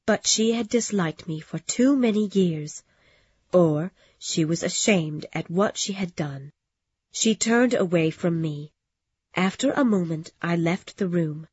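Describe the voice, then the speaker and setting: A woman narrating a storybook in a calm, measured reading, in a dull, dry lo-fi recording. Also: on the low side, slightly rough, no room sound. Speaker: audiobook narrator.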